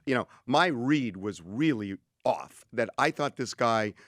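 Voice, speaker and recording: A man in his sixties co-hosting a talk show, telling a story in an animated way and quoting others. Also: mid-range voice, unhurried, dry recording, clean studio sound. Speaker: co-host.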